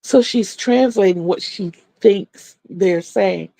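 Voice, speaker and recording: A woman's voice: mid-range voice, slow, gravelly, dark tone, no room sound. Woman, middle-aged, crochet stream host, chatty storyteller, dry close sound. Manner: chatty, laughs often, answers viewers' comments.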